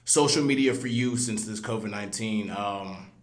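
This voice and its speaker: A man's voice: on the low side, moderate pace. Slangy laid-back male podcast host. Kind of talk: casual interview chat. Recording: roomy echo.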